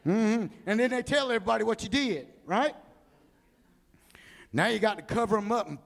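Lively high-voiced preacher. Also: male voice, moderate pace, creaky. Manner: animated storytelling, acts out people. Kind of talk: humorous sermon.

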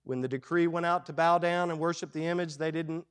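A man preaching a fervent Baptist sermon, moving between hushed lines and loud, fiery ones. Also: a little high, steady tone, brisk, clear, resonant tone. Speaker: Baptist pastor.

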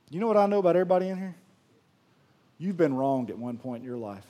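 A man preaching a sermon, swinging from loud emphatic lines to hushed storytelling. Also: a little high, expressive, fast, pauses often. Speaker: pastor.

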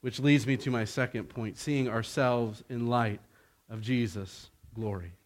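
A man preaching a sermon, slow and deliberate, his voice rising in pitch and force when he presses a point. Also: steady tone.

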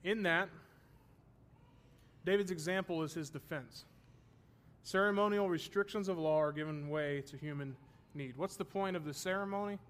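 A man's voice: fairly high pitch, moderate pace, a bit bright, clean tone. A man teaching a Bible study class, explaining terms and checking that his students follow, with the odd self-deprecating joke.

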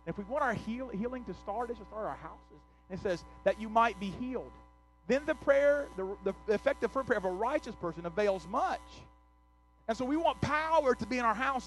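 Male pastor with a high voice, preaching with swelling passion over soft music. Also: normal speed, gravelly, rough recording. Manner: impassioned preaching that swells loud and drops soft. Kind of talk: sermon.

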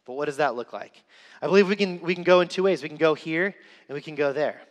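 A young man delivers an earnest sermon, repeating key lines for weight. His voice is fairly high for a man. A long hall reverb trails every phrase. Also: fast talker. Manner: earnest storytelling with emphatic repetition. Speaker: preacher. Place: church sanctuary.

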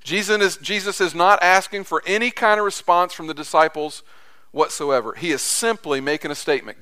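A man's voice: a little high, a little fast, sharp tone, clean tone. A man preaching a sermon as pastor in a conversational way, repeating phrases for emphasis.

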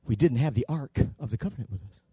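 A man preaching a sermon in a church, swinging between loud shouting and quieter low passages. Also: animated, fast, breathy edge, no echo, clean studio sound. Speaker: pastor.

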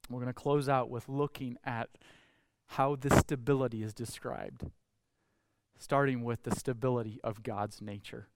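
A male pastor preaching a sermon, swinging between loud calls and hushed low passages. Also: fairly even intonation, normal speed.

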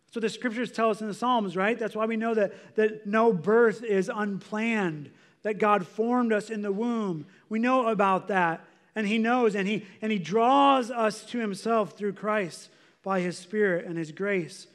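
A man's voice: high voice, unhurried. A man preaching a sermon as a pastor, in a conversational way, often saying "like" as he explains. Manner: conversational, filler "like".

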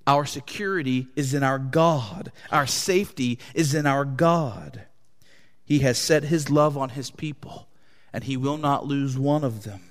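Male pastor, passionate sermon delivery, mid-pitched voice, long hall echo. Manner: impassioned preaching with wide swings in pitch and loudness. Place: church hall.

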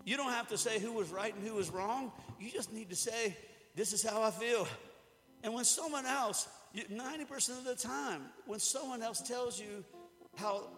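In a church hall with music in the background and noticeable reverb, a man preaches to the room in a very high, fairly bright voice at a moderate pace. He's a pastor whose style is relaxed and jokey, and he acts out little quotes as he goes.

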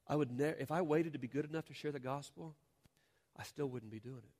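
A man's voice: fairly high pitch, fairly quick, a little mellow. A man preaching a sermon as a pastor, earnest and rising to fervent appeals to the congregation. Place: church sanctuary.

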